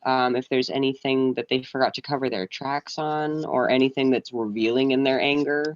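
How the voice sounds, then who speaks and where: A man's voice: medium pitch, fairly even intonation, normal speed, lo-fi sound, a little hiss or hum. Hesitant, rambling male player. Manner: hesitant, rambling, lots of restarts. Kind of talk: tabletop role-play, planning moves.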